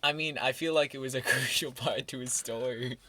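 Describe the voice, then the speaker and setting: A man's voice: medium pitch, fairly even intonation, fairly quick, pushed and bright. A young man co-hosting a podcast, chatting casually in a teasing, absurd, giggly way. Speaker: podcast co-host. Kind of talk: casual comedic chat.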